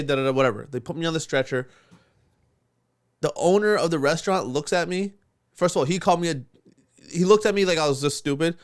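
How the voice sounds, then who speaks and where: A young man on a podcast, telling a long story in casual chat, swearing a lot and laughing as he goes. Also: fairly high pitch. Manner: animated storyteller, swears often, laughs through lines. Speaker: podcast co-host.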